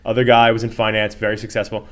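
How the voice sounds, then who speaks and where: A man's voice: fairly low pitch, completely flat delivery, fast talker, a bit bright. A man hosting a casual interview, chatty and enthusiastic, often affirming his guest. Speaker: podcast host.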